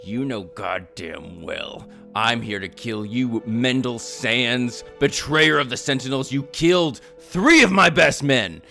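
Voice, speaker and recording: A man's voice: medium pitch, expressive, normal speed, hardly any pauses, sharp tone, faint music behind. A man voicing a stern, vengeful male knight commander in a tabletop game, speaking in a cold, commanding way. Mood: threatening.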